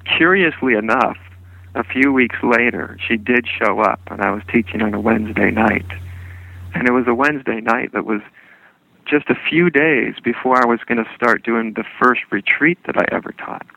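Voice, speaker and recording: Gravelly-voiced man recalling his teaching. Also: mid-range voice, dry recording, phone-quality sound. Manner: unhurried, meandering, with frequent restarts. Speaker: spiritual teacher. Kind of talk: reflective storytelling interview.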